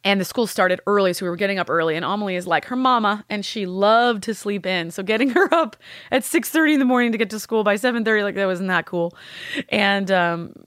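A woman, a podcast guest, telling a painful personal story candidly, with halting restarts and blunt swearing. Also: mid-range voice, a bit bright, no room sound, studio quality.

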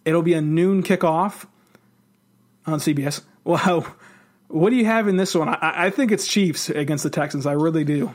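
Excitable higher-voiced man talking football. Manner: fast, excited, rambling. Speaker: sports podcast co-host. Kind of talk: casual sports talk.

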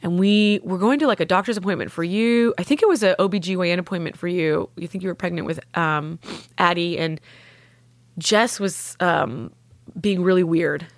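A young adult woman with a fairly low voice shares an emotional personal story as a guest, speaking earnestly and from the heart at a moderate pace. She acts out the voices of the people she quotes, and there's no echo.

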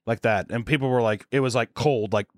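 A man co-hosting a podcast, telling animated, profane stories in casual banter and laughing often. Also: mid-range voice, fairly quick, dry recording, clean studio sound. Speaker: podcast co-host.

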